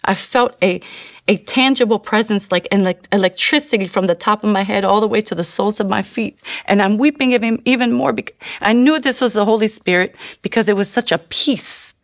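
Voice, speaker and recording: A woman's voice: medium pitch, fairly quick, no room sound, clean studio sound. A woman sharing her personal faith testimony in a church, telling her story in an earnest, heartfelt way. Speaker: testimony speaker.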